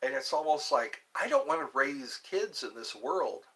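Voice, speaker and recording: A man hosting a live stream alone, musing slowly and meandering while he answers viewer chat. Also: on the high side, very animated, sharp tone. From United States.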